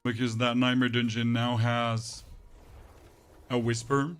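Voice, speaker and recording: A man live-streaming a game, chatting casually with his viewers in a flat, monotone delivery. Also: medium pitch, slow, smooth, soft background music. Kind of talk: casual live-stream chat while gaming.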